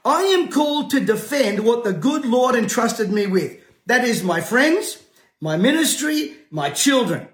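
A man, preaching to camera in a combative, forceful way, rising to shouts and breaking into jovial laughs. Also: very high voice, sing-song, unhurried. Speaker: pastor. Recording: roomy echo.

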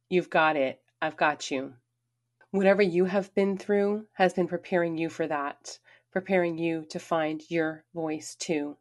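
A middle-aged woman telling a personal story in an earnest, emphatic way, with her pace rising and falling. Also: on the low side. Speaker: speaker sharing her story.

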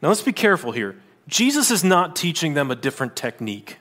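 Man preaching in a high-pitched voice. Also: very animated, brisk, fairly bright tone. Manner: conversational preaching with asides and restarts. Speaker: pastor. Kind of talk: sermon.

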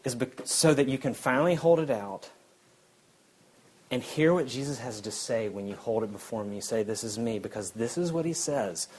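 A man, preaching a sermon in a conversational way that drops to a quiet intensity. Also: lowish voice, slight background noise, rough recording. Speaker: pastor.

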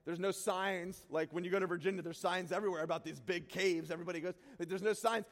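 A man preaching by telling a self-deprecating personal story, animated and prone to sudden shouts. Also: sits high, quick pace, long reverb tail. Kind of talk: sermon storytelling.

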